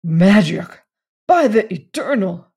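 A reader doing a loud, proud country justice. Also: medium pitch, expressive, normal speed, natural voice. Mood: forceful. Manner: loud and commanding.

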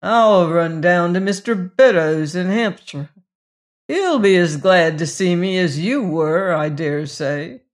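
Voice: mid-range voice, expressive, slow pace. A reader voicing a surly, half-drunk middle-aged seaman who speaks thickly and snarls in an audiobook. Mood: sulky. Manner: thick-voiced, sulky, snarling.

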